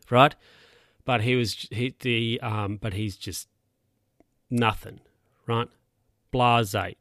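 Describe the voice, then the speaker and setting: A man's voice: mid-range voice, a bit bright, no room sound. Man, casual recap, rambling and sweary, dry voice. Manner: rambling, sweary, chuckles often. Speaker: show recapper.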